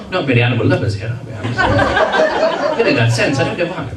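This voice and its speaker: A man's voice: on the high side, wildly swooping pitch, normal speed, very noisy. An English man telling a comic story to a live audience, chatty and teasing, playfully pompous, recorded from a distance in a hall. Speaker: comedy entertainer. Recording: echoey hall from far off, crowd.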